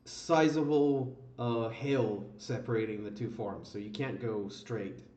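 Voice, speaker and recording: A man's voice: mid-range voice, fairly even intonation, a little mellow, roomy sound, muffled recording. A man running a tabletop game, explaining rules with many fillers and restarts. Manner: halting, full of fillers. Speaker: game master. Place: online voice call.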